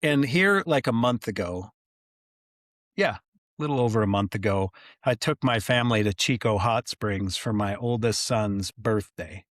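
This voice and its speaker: A man in his forties telling stories as a podcast guest, animated and full of casual fillers. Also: fairly low pitch, moderate pace, dry recording, studio quality. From United States. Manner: animated, many fillers like "like" and "you know". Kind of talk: casual storytelling.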